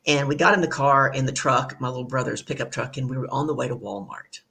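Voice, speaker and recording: A woman hosting an online talk show, telling a family story in a lively, chatty way, with many asides, over a video call. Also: rumbling low, quick pace, gravelly. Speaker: show host. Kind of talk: conversational storytelling.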